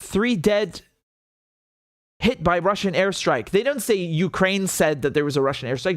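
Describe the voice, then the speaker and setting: Man, commentary show host, indignant, sarcastic, curses a lot, high-ish voice, dry close sound. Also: moderate pace, no room sound. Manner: indignant, sarcastic, swears freely. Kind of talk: livestream political commentary.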